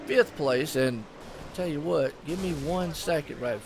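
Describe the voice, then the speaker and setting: A man with a Southern US drawl calls a live sim race in a folksy, chatty manner. His voice is a little high and gravelly. Faint noise and car engine sounds sit behind him. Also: a little slow. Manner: folksy, chatty, lots of "I tell you what" and "y'all". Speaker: race commentator. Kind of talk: live sim racing commentary.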